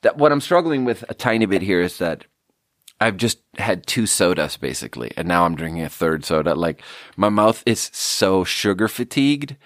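Rambling man with a low, dry voice. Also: very animated, moderate pace, a bit bright, dry recording. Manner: rambling, self-deprecating, frequent fillers. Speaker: podcast host. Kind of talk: casual solo talk with drink tasting.

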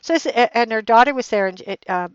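A middle-aged woman with a somewhat high voice tells a personal story on her podcast. She rambles, restarts her sentences and turns emphatic as her anger comes through. The recording is dull and lo-fi, with a dry, close sound. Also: quick pace, clean tone, no room sound. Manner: rambling, full of restarts and fillers; heated and emphatic when retelling anger. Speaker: podcast host.

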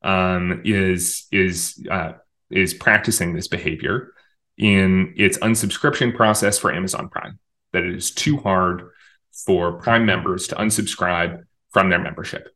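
This man's voice sits low, with a steady, unhurried, bright, and forceful tone. As a communications director in a conversational interview, he lays out his views talkatively and emphatically, often restarting his sentences.

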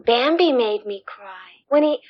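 A woman's voice: high-pitched, animated, unhurried, lo-fi sound. An actress playing a lonely, unhinged woman who speaks plaintively and tearfully, wavering between sweet and menacing, in film dialogue. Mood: wistful.

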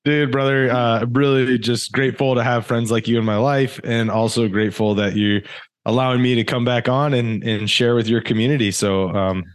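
A man who is a guest on a podcast, an author chatting in a relaxed way. He laughs easily and calls the host "dude" and "brother". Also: medium pitch, moderate pace, clear, resonant tone, no echo, studio quality. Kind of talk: casual interview chat.

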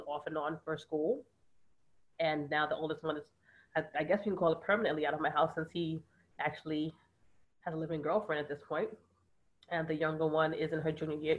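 40s woman guest, quick "right"s and "yes", sure of herself, kinda muffled audio. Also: on the low side, fairly bright tone. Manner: quick affirmations, confident. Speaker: guest, life coach. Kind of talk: casual chat.

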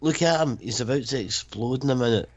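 A man's voice: mid-range voice, fast, lo-fi sound, slight background noise. A man co-hosting a casual movie commentary, dropping dry, sardonic quips. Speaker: podcast commentary co-host.

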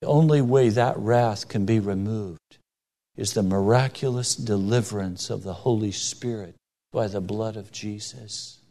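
A man's voice: fairly low pitch, unhurried, warm tone. A man preaching a sermon with emphatic delivery, rising and falling for stress, acting out quoted voices in his stories. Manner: acts out quoted voices in anecdotes.

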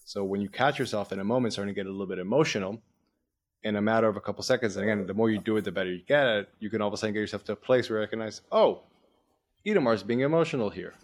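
A man hosting a podcast, coaching his guest in an energetic, explanatory way and quoting his own inner thoughts as examples. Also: fairly low pitch, rapid-fire. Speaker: podcast host, performance coach. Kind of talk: coaching conversation.

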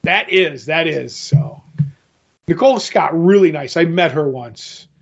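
A man co-hosting a comics podcast in casual chat, tossing out quick jokes. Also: fairly high pitch, animated, gravelly, husky, lo-fi sound. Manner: joking, quick asides. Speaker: podcast co-host.

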